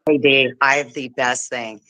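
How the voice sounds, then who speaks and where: A woman hosting a casual livestream chat, telling animated stories, swearing freely and mimicking the people she talks about. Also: rumbling low, moderate pace, no echo, low-quality recording. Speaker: livestream host.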